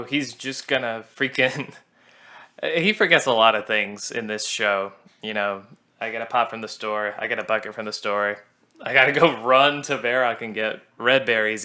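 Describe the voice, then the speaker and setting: Male songwriter, mid pitch, bright tone, laid-back self-mocking commentary. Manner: chatty, laughs at his own jokes, self-deprecating. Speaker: songwriter commenting on his own musical. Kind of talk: casual creator commentary.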